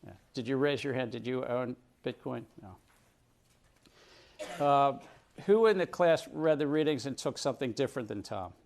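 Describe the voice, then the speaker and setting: Middle-aged guy teaching a uni class, gravelly voice, keeps throwing questions at the room. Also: mid-range voice, normal speed, long pauses, darkish tone. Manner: conversational, questions the class often. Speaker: lecturer. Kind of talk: university lecture. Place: lecture room with round tables.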